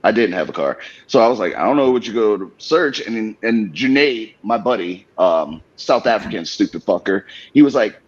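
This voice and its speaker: With a low, slightly rough voice, this podcast host tells his profane story animatedly at a moderate pace with few pauses, frequently laughing and acting out others' voices. The sound quality is a bit dull and lo-fi.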